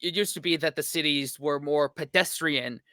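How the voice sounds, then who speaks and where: American man, casual reaction chat, bright clear voice, dry close sound. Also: fairly high pitch, moderate pace, no echo. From United States. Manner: rambling, hesitant, joking. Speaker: reaction channel host.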